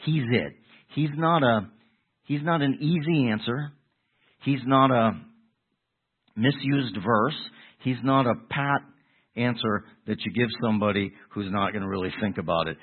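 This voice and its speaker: A man preaching a sermon in a conversational way, restarting phrases and moving between loud emphasis and quiet asides. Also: fairly low pitch, unhurried, breathy edge. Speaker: pastor. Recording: tinny phone-like sound.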